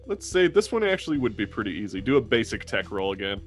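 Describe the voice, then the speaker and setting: Halting male game master. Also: fairly low pitch, big pitch swings, soft background music. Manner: halting, full of fillers and restarts. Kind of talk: narrating a tabletop role-playing game.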